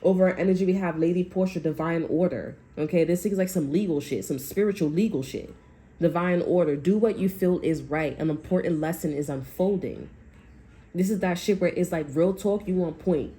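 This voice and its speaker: A woman with a lowish, warm voice gives a casual tarot reading. She's blunt and rambling, swears heavily, and repeats herself often.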